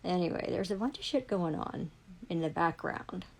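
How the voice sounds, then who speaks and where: A woman's voice: fairly low pitch, expressive, normal speed, vocal fry, a little mellow, rough recording. A woman in a furious, heavily profane livestream rant. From Canada.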